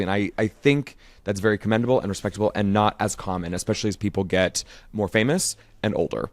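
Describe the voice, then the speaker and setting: Low-voiced man recapping on a podcast. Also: steady tone, fast, few pauses, dry recording. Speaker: podcast co-host. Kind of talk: casual chat, recapping an episode.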